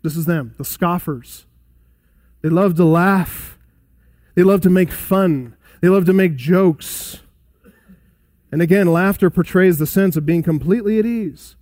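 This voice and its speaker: A man with a fairly high voice preaches an expository sermon. He is emphatic, then sinks into hushed, solemn asides. The sound is dry and close to the mic. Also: a little slow, no room sound. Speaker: pastor.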